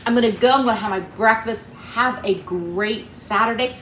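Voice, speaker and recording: A woman's voice: a little high, normal speed, fairly bright tone. Chatty Appalachian woman in a roomy kitchen. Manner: chatty, homey and upbeat, talking to viewers as friends. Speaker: cooking channel host. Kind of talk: casual cooking vlog. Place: home kitchen. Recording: roomy kitchen with faint background hum.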